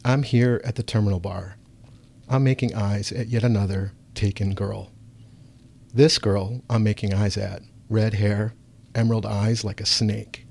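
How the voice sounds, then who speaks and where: A man's voice: lowish voice, fairly even intonation, a little slow, gravelly, a little mellow, slightly rough. A man giving brooding first-person audiobook narration in short, clipped sentences.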